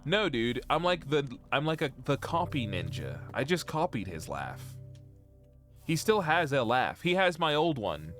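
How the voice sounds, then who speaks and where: Young male streamer, lively and bouncy delivery, rambles and jokes with his chat, faint music behind. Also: medium pitch, measured pace. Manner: joking, rambling, reads chat aloud. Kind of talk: casual live-stream chat. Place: at home.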